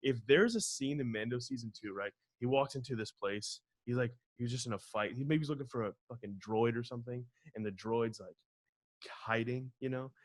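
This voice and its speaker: A man co-hosting a podcast in casual chat, excitable and ranting, swearing freely. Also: mid-range voice, brisk. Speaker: podcast co-host.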